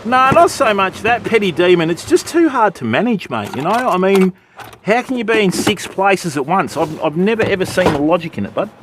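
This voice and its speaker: Aussie fishing streamer, matey banter, animated and fairly high-pitched. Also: male voice, brisk, background noise. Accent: Australian. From Australia. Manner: chatty, matey, answering viewers. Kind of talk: casual live-stream chat. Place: beach at dawn, outdoors.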